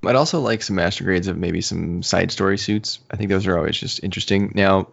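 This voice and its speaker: A man's voice: low-pitched, brisk, vocal fry, husky. A man co-hosting a podcast in casual chat, laughing often and restarting his sentences. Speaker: podcast co-host. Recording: muffled lo-fi audio.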